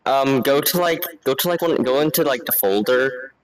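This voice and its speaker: A man's voice: medium pitch, animated, normal speed, poor audio. A man chatting casually as a player in a tabletop game, laid-back and explaining step by step.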